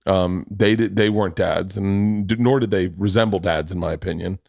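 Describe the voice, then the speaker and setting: A man in his forties hosting a podcast, telling a long story in casual chat, animated and swearing, jumping into quoted voices. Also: low voice, moderate pace, vocal fry, no room sound, studio quality. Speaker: podcast host.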